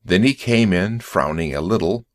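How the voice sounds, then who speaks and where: A man narrating a story in a slow, clear audiobook reading for English learners. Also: low voice, lively intonation. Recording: dry close recording.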